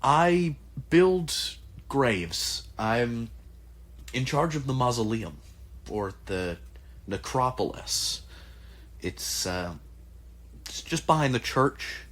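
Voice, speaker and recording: A man's voice: mid-range voice, expressive, a bit bright. A man voicing a hesitant male tomb builder who rambles with many restarts in a tabletop game. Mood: rambling. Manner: halting, rambling, full of restarts.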